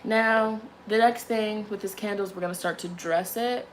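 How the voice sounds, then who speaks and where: Against slight background noise, a young tarot reader speaks at a moderate pace and medium pitch. Her chat is casual and animated, a story heavy on swearing that leads into a candle ritual.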